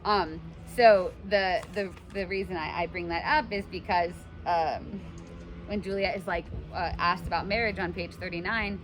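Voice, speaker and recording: A woman teaching a class in a casual, animated way, full of fillers, in a classroom. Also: fairly low pitch, normal speed, faint music behind. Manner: chatty, animated, many fillers. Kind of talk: classroom lecture with read-aloud passages.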